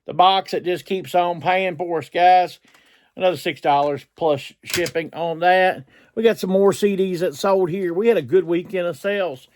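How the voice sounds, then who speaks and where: A middle-aged man hosting a reselling vlog, talking in an excitable, rambling way and often repeating himself. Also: a little high. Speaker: reseller channel host. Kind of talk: casual vlog talk.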